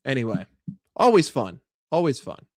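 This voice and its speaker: Animated, profane young football vlogger. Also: male voice, medium pitch, normal speed, no room sound, studio quality. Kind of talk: casual ranting vlog.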